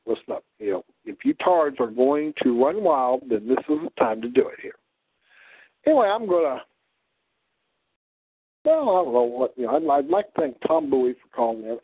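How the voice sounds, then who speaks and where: An older man with a Southwest Missouri drawl, mixing prairie and Ozark sounds, hosting a rambling radio monologue full of halting restarts. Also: fairly high pitch, slightly rough, dry recording. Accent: Southwest Missouri, mix of prairie drawl and Ozark. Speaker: radio show host. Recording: thin phone-like dry audio.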